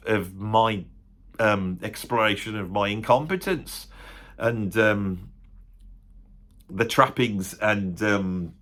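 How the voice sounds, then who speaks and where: A man's voice: fairly low pitch, fairly bright tone. A middle-aged man with a West Midlands English accent talks straight to camera in a loose, wandering vlog monologue. He pokes fun at himself and keeps tossing rhetorical tag questions at his viewers. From West Midlands, England. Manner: self-deprecating, chatty, rhetorical tag questions. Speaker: music critic YouTuber and drummer. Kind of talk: rambling casual monologue to camera.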